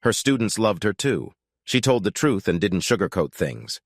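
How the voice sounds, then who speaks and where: A man narrating a first-person story in a steady, scripted way. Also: on the low side, moderate pace, dry recording, clean studio sound.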